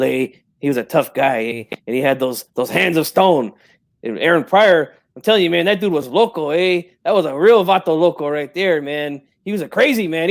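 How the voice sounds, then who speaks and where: A man's voice: a little high, creaky. A man playing a proud, touchy old-school boxing father who tags his lines with slang like "eh" and "Holmes". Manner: streetwise slang, tags every line with "eh" and "Holmes". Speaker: guest in character.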